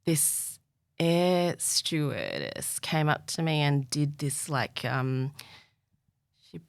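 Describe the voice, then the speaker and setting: Low-pitched woman guest, lively candid storyteller, dry studio mic. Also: slow pace, creaky, clean tone, no room sound. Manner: animated storyteller, laughs often, acts out quotes. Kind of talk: candid podcast conversation.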